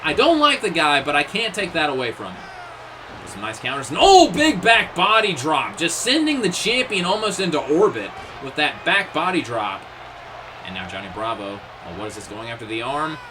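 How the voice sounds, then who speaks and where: A man doing excitable wrestling play-by-play commentary, exclaiming at each move and dropping joking asides. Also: a little high, moderate pace, background noise.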